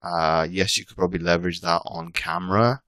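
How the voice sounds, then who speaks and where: A man's voice: low-pitched, fairly even intonation, a little fast, fairly bright tone, no echo. A British man in his thirties chatting casually as an interview guest, talking in loose, rambling sentences full of restarts and self-corrections. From Britain. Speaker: podcast guest, coach.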